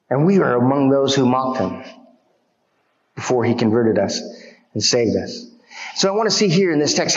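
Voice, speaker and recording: A man preaching a sermon, reading scripture aloud and acting out mocking voices. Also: medium pitch. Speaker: pastor. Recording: echoey hall, dull lo-fi sound.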